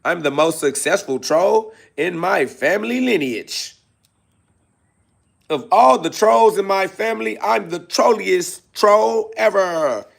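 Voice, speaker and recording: A childish internet troll gloats in a high, whiny sing-song as a man puts him on. The voice is gravelly and pitched well above the speaker's own, with drawn-out, bragging words. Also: expressive, heavily acted. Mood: gloating.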